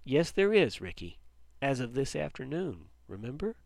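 Male narrator doing a kind, protective ghost dad, soft and reassuring, dry close sound. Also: mid-range voice, very animated, normal speed, gravelly, dry recording. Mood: urgent.

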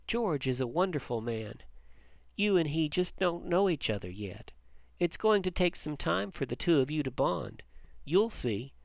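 A man reading the lines of a gentle young mother, soothing and coaxing her small son in a storybook. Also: on the high side, sing-song, measured pace, creaky, no echo, exaggerated voice. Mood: reassuring.

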